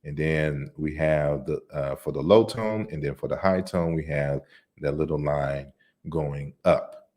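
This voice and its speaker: A man giving an online lecture on word forms, explaining slides deliberately with frequent restarts. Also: a bass voice, a little mellow. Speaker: lecturer on African languages.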